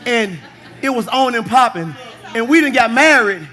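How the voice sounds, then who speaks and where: A male pastor preaching a lively sermon, shouting, laughing and acting out husbands and wives for his congregation. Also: very high voice, normal speed. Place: church sanctuary. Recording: live church service with congregation audible. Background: congregation responding.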